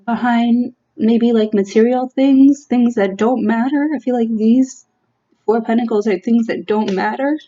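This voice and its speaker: A woman gives a casual tarot reading in an unhurried, searching way, full of "um"s and restarts. Her voice is soft and mellow, and she sounds earnest and close to emotion. The recording is a little muffled and lo-fi. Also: on the high side. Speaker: tarot reader.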